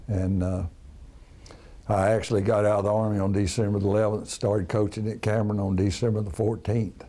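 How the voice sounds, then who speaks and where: An older man, a retired basketball coach reminiscing in a folksy, casual interview with many pauses and restarts. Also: lowish voice, flat delivery, mellow. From Texas. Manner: folksy storyteller, frequent "uh" and restarts.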